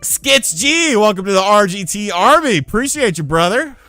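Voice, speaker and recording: A man's voice: high voice, lively intonation, a little fast, bright, forceful tone, no echo, soft background music. A man in his thirties hosting a casual livestream. He tells rambling, profane stories and thanks new members as they join. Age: 30s. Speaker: streamer.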